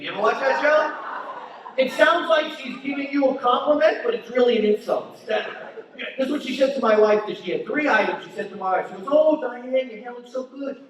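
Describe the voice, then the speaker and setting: Italian-american guy doing standup, kinda high voice, far off mic in a super echoey room. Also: background noise. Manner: punchy crowd-work delivery, mimics his mother. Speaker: stand-up comedian. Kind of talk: stand-up comedy set. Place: comedy venue with audience. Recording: distant dull echoey hall.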